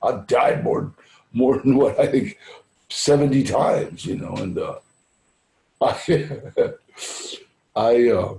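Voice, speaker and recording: Gravelly older man telling stories. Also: medium pitch, takes it slowly, long pauses, dark tone, echoey room. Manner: laid-back, sprinkles "man" and "you know", acts out voices in his stories. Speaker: guest speaker at a recovery fundraiser. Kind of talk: casual anecdotal storytelling.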